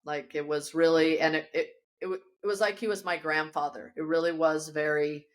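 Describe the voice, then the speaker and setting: Lively woman telling a personal story. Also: low-pitched, normal speed. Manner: animated storyteller with many restarts and laughs. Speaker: podcast guest, yoga teacher. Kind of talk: casual storytelling interview. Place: her yoga studio.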